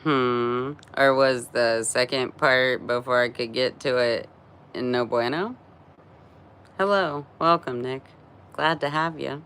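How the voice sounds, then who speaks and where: A woman's voice: a bass voice, slow pace, fairly bright tone, clean tone. A tired woman in her forties hosting a casual live stream, chatty and rambling, laughing often between thoughts. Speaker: livestream host.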